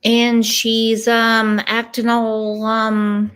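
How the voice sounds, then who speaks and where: A woman's voice: fairly high pitch, completely flat delivery, very slow, fairly bright tone, clear, resonant tone. A woman giving casual true crime commentary, emphatic and stopping often to ask "okay?". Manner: emphatic, repeats "okay?" for stress.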